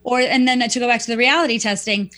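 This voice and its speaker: A woman guest who speaks professionally, telling stories in a reflective, animated way and acting out quoted lines. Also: fairly high pitch, fast. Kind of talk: conversational storytelling.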